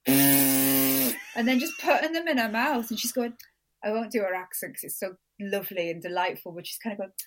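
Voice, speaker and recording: A woman's voice: animated, normal speed, slight background noise. A woman, a podcast guest telling funny stories in casual chat, laughing often. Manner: chatty storyteller, laughs a lot, mimics others in high voices.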